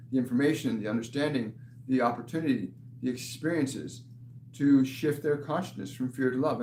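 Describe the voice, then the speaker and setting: A man working as a spiritual medium, answering viewer questions in a live session, earnest and often restarting his phrases. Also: mid-range voice. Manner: earnest, repeats and restarts phrases, laughs softly. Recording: echoey room with faint hum.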